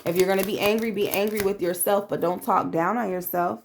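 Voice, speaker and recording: Blunt woman tarot reader, casual and profane, mid-pitched. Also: fairly even intonation, a little fast, vocal fry, a little hiss or hum. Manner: blunt, profane, streetwise, calls listener babe; acts out quoted voices. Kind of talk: casual tarot reading to camera.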